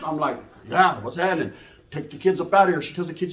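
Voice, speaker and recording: A man's voice: sits high, expressive, fast, a bit bright, echoey room. A man telling a profane comic story in a rambling, casual way, switching into voices for the people in it.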